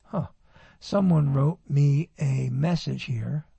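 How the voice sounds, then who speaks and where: A man's voice: medium pitch, takes it slowly, gravelly, mellow, husky, no room sound. A man hosting a radio talk show, chatting and reading items aloud in a rambling way, correcting himself as he goes. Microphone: handheld microphone.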